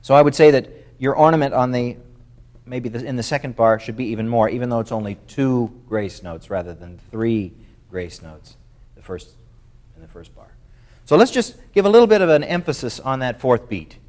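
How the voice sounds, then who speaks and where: A man's voice: mid-range voice, animated, moderate pace, darkish tone. Man, music clinician, masterclass coaching, talks through ideas with fillers, sings bits of phrases on syllables. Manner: thoughtful, with many fillers.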